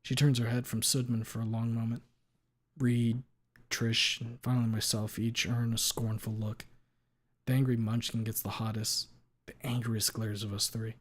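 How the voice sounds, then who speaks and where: A man's voice: mid-range voice, little pitch movement, normal speed. Man casually reading a story on stream. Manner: reads steadily, owns up to slips with playful asides.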